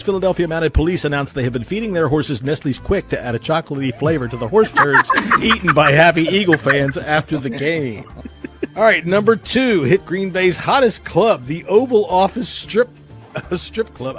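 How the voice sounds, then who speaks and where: A man's voice: a little high, big pitch swings, normal speed, a bit bright, faint music behind. A man hosting a podcast, telling crude jokes in a casual chat and laughing often. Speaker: podcast host.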